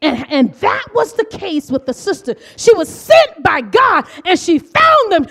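A middle-aged woman preaching with fervor, her very high voice leaping up and down in pitch. She drops to quiet asides, then rises into shouted declarations to her congregation. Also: big pitch swings, a little slow, hardly any pauses. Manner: impassioned, swings from hushed to shouting. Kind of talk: sermon.

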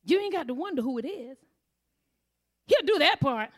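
A woman's voice: sits high, expressive, normal speed. A middle-aged woman giving a sermon full of personal stories, laughing often and acting out the voices in her quotes. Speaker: church speaker.

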